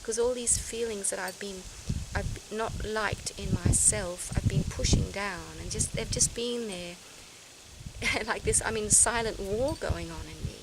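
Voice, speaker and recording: A vlogger talks reflectively to camera, earnest and searching, frequently restarting her sentences. Her medium-pitched voice is unhurried, with outdoor noise audible behind it.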